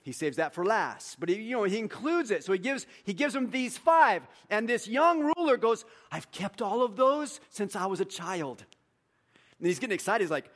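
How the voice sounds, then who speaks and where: Animated preacher man with a higher voice. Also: normal speed. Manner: animated preaching, voice rising high and loud for emphasis, then dropping quiet; acts out dialogue with his congregation. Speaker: pastor. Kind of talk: sermon.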